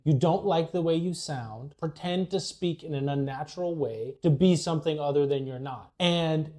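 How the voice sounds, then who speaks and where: A man giving an English lesson straight to camera, blunt and emphatic as he lays out firm opinions. His voice is fairly high for a man, with a mellow, dark tone. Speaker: English teacher.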